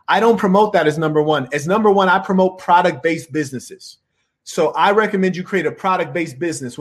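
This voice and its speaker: A man hosting a channel, reading viewer messages and giving preachy, motivational advice, calling his listeners saints. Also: a little high. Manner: preachy, calls listeners saints, "you dig?". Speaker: channel host answering viewer questions.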